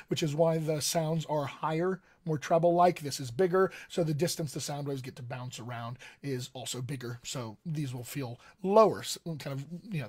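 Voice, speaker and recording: A man's voice: on the high side, a little mellow. A man, a dialect coach, giving a casual live-streamed voice lesson and talking straight to viewers with frequent ums. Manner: conversational, addresses viewers directly, frequent ums. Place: home studio desk.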